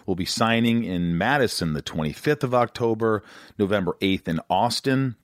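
A man in his forties hosting a podcast in casual chat, animated and rambling, talking about being amped up. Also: on the low side, moderate pace, dry recording, studio quality. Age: 40s. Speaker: podcast host.

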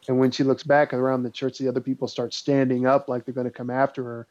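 A man with a mid-range voice talks quickly, barely pausing, as he spins an old spooky tale in a casual chat. His telling is loose and rambling, stuffed with ums and likes, like a relaxed storyteller. The audio sounds dull, muffled, and lo-fi.

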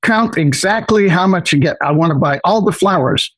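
A man's voice: sits high, lively intonation, normal speed, fairly bright tone, no echo, rough recording. An older man voicing a kind, insistent woman who buys all his flowers. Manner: insistent, motherly.

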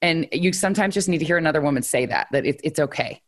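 A woman with a notably low voice hosts a casual podcast chat. She speaks candidly and emotionally, and often turns to doubting herself. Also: fast. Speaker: podcast host.

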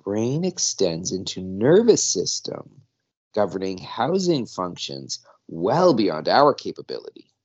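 A man's voice: sits low, sing-song, measured pace, a little mellow, lo-fi sound, exaggerated voice. A man voicing a cold, clinical alien that treats others as objects, speaking in a detached, formal way. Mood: coolly curious. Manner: detached, formal, matter-of-fact.

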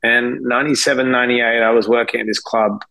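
Gravelly-voiced male cohost, halting. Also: mid-range voice, fairly even intonation, pushed and bright, rough recording. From outside the United States. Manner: halting, hesitant start with fillers. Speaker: guest cohost. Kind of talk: casual interview chat.

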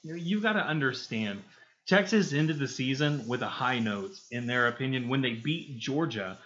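A man co-hosting a sports podcast, giving measured, thoughtful analysis. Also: mid-range voice, expressive, a bit bright. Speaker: podcast co-host. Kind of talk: casual sports podcast chat. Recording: muffled lo-fi with faint noise.

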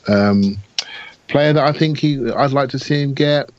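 A man talking football as a podcast pundit, thoughtful and halting with many restarts. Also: mid-range voice, no room sound, highs cut off. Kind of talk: casual chat.

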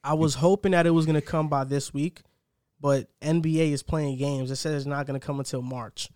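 A man's voice: fairly high pitch, fairly even intonation, fairly quick, a little mellow. Upbeat young man hosting a podcast. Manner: chatty, upbeat, rambling. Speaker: podcast host. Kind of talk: casual sports podcast chat.

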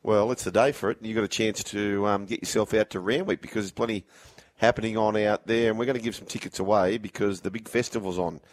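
An Australian man hosts afternoon sports radio in a relaxed, joking way. His voice sits a little low, and he rattles through listener texts and phone numbers with matey banter. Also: quick pace. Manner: jokey, matey, reads out texts. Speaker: radio host.

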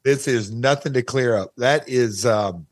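A man talking as a podcast guest, telling stories in a casual, animated way with quick asides. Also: medium pitch, dry recording, studio quality. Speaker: podcast guest, wrestling announcer. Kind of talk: casual chat, candid storytelling.

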